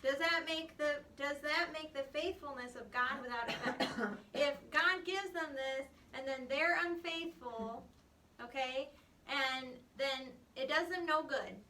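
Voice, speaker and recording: Slow, bright-voiced woman teaching a Bible class. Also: high voice. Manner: emphatic and explanatory, with frequent "um" and "okay". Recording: echoey room recorded from far off.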